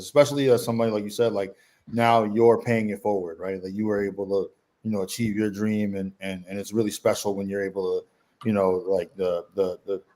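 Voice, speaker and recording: Guy cohosting a podcast, lowish voice, kinda halting, lotta fillers when he asks stuff. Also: a little mellow. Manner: halting, fills his speech with "like". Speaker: podcast co-host. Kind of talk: casual interview questions.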